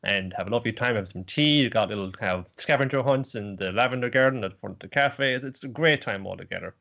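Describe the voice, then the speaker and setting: A man's voice: mid-range voice, fast, creaky, pushed and bright, lo-fi sound. A man hosting an anime podcast, casually rambling through episode recaps with lots of fillers. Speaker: podcast host. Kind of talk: casual chat, retelling episodes.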